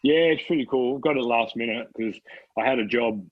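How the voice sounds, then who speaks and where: A man in his thirties with an Australian accent, telling stories in a relaxed podcast chat, swearing freely and laughing often. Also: medium pitch, a little fast, phone-quality sound. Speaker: podcast guest. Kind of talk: casual chat.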